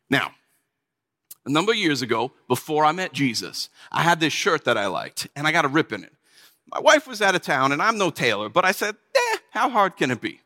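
Man preaching a dramatic first-person sermon, bright tense voice, big pitch swings, hall echo. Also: normal speed, pauses often. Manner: animated, exclamatory storytelling.

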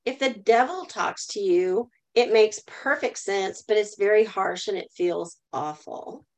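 This middle-aged guest speaker has a medium-pitched voice and a measured pace. On a low-quality recording of a live online talk, she earnestly tells a story from her own life and invites listeners to respond in the chat.

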